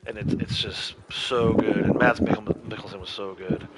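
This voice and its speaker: A man hosting a gaming livestream, chatting casually and rambling, often laughing and trailing off quietly. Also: on the low side, fairly even intonation, normal speed, very noisy. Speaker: livestream host. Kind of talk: casual chat while gaming.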